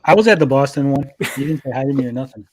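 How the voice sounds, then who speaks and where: A man's voice: mid-range voice, animated, quick pace. Guy on a gaming panel arguing his case, jokey, talks over ppl. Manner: joking, argumentative. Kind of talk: casual chat.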